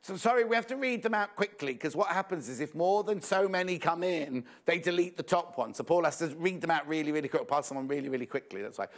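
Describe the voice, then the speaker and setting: Guy hosting a shopping channel, fairly high voice for a man, jokey and chatty. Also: animated, fast talker, few pauses. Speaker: TV shopping presenter. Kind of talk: live shopping channel chat, reading viewer messages.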